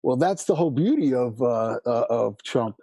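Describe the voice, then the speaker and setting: Brief: husky man from New York, rapid animated storytelling, dry close recording. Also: mid-range voice, no echo. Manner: fast, animated storyteller with many restarts. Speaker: musician guest. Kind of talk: casual interview chat.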